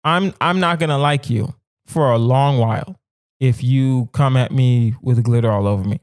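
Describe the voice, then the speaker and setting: A man's voice: mid-range voice, moderate pace, darkish tone, clean tone, dry recording. Young male podcast host, comedic riffing, emphatic repetition, dry close sound, mid-range voice. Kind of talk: casual comedic monologue.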